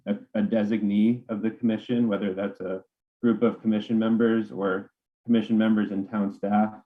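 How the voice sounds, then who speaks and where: A man presenting a bylaw proposal at a town council meeting, halting, with many fillers and restarts. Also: lowish voice. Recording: tinny phone-like meeting audio.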